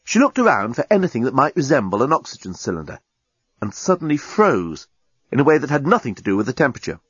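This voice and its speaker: A man narrating an audiobook in a lively, theatrical storytelling manner. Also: medium pitch, fast talker, slightly rough, no room sound, muffled recording.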